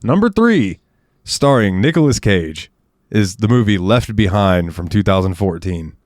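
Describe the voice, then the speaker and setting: Rich: A low-voiced man telling rambling, crude stories on a podcast over drinks. The recording is dry and close. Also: lively intonation, a little slow, a little mellow, no room sound. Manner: rambling storyteller, crude humor. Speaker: podcast guest or co-host. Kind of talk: casual chat over drinks.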